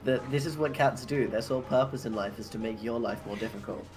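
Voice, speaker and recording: A woman's voice: a bass voice, fairly quick. A woman chatting casually and giggling with a streamer over a voice call. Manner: giggly and animated. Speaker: guest on call.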